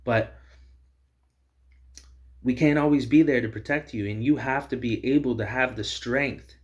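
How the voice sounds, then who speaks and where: A man's voice: mid-range voice, a little slow, muffled recording. A man hosting a video, delivering heated, repetitive personal commentary. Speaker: video host.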